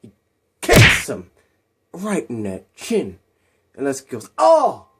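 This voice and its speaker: A man hosting his channel, excitedly retelling an action story in long, rambling run-on sentences. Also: mid-range voice, slow, very noisy. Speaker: channel host. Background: music.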